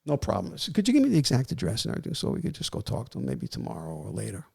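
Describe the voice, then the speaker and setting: A man's voice: lowish voice, rapid-fire. An older man, a retired police warrant officer telling a story in a casual interview and acting out the voices of the people in it. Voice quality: gravelly. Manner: animated, acts out quoted voices.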